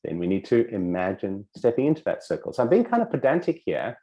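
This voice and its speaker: A man teaching in a casual spoken way, animated and acting out little dialogues with shifting voices, swearing casually now and then. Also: on the low side, fast. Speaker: self-help coach.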